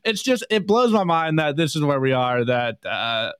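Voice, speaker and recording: Smooth, dry-voiced male podcast host. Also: fairly high pitch, normal speed, dry recording. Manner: energetic, laughs often, slangy. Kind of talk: casual meme review commentary.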